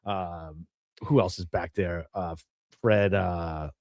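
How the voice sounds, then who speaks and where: A man co-hosting a casual golf betting podcast, ranting with lively, profane emphasis. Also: low-pitched, slow, no echo. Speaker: podcast co-host. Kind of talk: casual sports betting chat.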